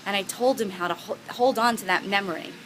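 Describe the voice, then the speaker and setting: A woman's voice: mid-range voice, a little fast, noisy background. A woman giving a motivational talk to camera, telling personal stories in an earnest, heartfelt and encouraging way. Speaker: motivational speaker.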